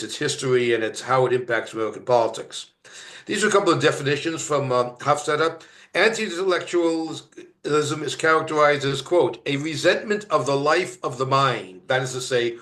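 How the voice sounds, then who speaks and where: A man from Canada giving a university lecture, halting with many fillers and restarts and stressing each word of a list. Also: medium pitch, fairly bright tone, reverberant. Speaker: guest lecturer. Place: lecture room.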